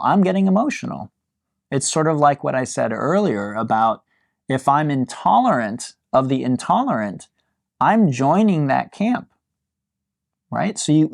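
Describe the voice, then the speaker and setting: A man teaching a yin yoga class, talking to his students in a relaxed, musing way with light amusement. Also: medium pitch, creaky, no echo, clean studio sound.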